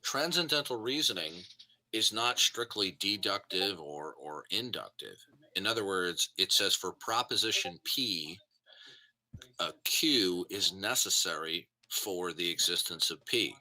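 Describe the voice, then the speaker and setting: Bright-voiced man pressing an argument. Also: low voice, animated, measured pace, poor audio. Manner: insistent, interrupting, repeats questions. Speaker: debater. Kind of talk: argumentative call debate.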